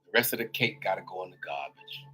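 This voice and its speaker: Hosting his daily live show while on a crutch with a swollen knee, this man delivers an informal, preacher-style monologue, repeating words and addressing listeners as y'all. He talks fast in a low, expressive voice that is sharp and slightly rough.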